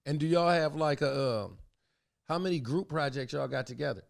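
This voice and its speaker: A male interview host with a high, very lively voice. He asks questions in a playful, joking manner in a studio setting. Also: moderate pace, creaky.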